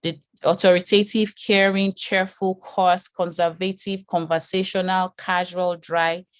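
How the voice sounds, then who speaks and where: A woman teaching an online branding class in a calm, reassuring way, often repeating words as she thinks. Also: fairly low pitch, unhurried, dry recording, studio quality.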